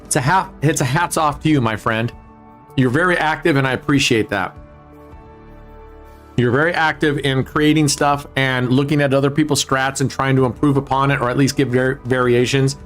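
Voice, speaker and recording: A man's voice: mid-range voice, steady tone, normal speed, a bit bright. A man hosting a live casino stream, chatting casually with viewers, joking and swearing. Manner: joking, profane, talks to chat viewers. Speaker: livestream casino host. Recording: faint music behind.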